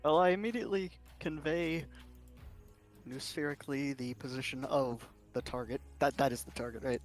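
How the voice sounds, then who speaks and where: A man's voice: mid-range voice, normal speed, soft background music. A man playing a tabletop game, hesitant and searching for words. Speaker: player. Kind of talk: tabletop role-play.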